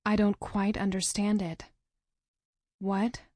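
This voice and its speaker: A woman narrating a novel in the first person, with a measured, dramatic reading. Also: medium pitch, little pitch movement, darkish tone, no room sound, clean studio sound. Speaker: audiobook narrator.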